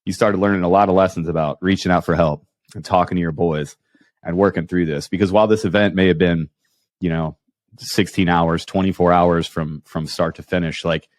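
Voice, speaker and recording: A man with a very low voice hosts a casual podcast and tells animated stories full of restarts. He speaks into a close microphone, and the sound is dry and dead. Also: brisk, no room sound. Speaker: podcast host. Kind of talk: casual storytelling interview.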